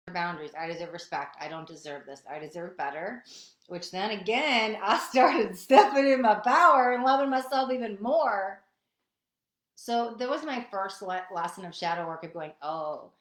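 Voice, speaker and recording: A woman sharing personal healing lessons in an earnest, emotional way, often repeating herself. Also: medium pitch. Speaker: spiritual vlogger. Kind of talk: personal reflective talk. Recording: roomy echo.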